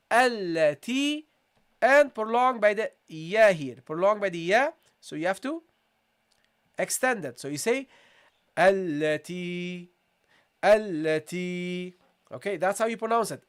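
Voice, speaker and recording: Patient man teaching recitation, drawn-out syllables. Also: sits high. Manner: explains step by step, drawing out syllables slowly as models; often says "okay" and addresses listeners as "guys". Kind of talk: tajweed lesson.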